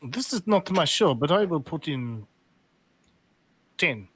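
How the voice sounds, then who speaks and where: Husky guy playing a tabletop game, kinda hesitant, thinking out loud. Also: fairly high pitch, big pitch swings, slow, no echo. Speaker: player. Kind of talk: casual chat.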